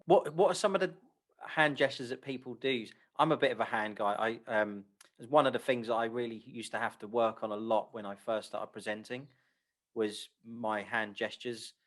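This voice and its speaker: A man hosting a podcast on a video call, chatty and quick to laugh. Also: medium pitch, fairly bright tone. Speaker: podcast host. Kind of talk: casual podcast interview.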